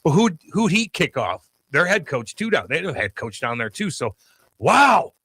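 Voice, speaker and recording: A man's voice: fairly high pitch, sing-song, moderate pace, pushed and bright, slightly rough, no room sound. A man co-hosting a sports talk show, hesitating and thinking aloud before he reacts. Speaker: co-host.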